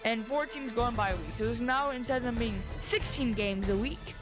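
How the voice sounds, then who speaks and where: A woman's voice: fairly high pitch, moderate pace, over music. Rambling young woman vlogger with a headset mic. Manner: rambling, self-interrupting, jokey asides. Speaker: sports predictions vlogger. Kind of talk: casual chat with mock phone call and bits. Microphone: headset or headphone mic.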